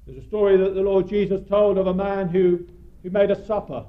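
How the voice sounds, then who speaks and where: A man preaching an evangelistic sermon, earnest and pleading, his voice rising for emphasis and dropping low at key words. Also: steady tone, brisk. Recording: dull lo-fi recording.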